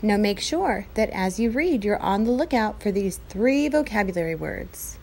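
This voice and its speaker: A woman teacher reading a novel aloud to her class, clear and expressive. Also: mid-range voice, normal speed, a little hiss or hum.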